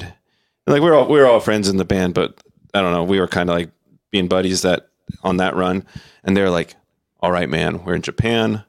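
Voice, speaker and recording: A man with a very low voice tells tour stories in a relaxed, rambling way, full of fillers and false starts. He acts out the people he quotes. The sound is dry and close. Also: clean tone, no room sound. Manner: rambling, many fillers and restarts, animated quoting. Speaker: podcast guest, metal vocalist. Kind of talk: casual chat, storytelling.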